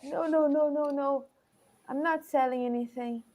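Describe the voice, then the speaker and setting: A woman's voice: high voice, fairly even intonation, moderate pace, dark tone. A woman speaking as a player in a tabletop game, hesitant and prone to restarting her sentences.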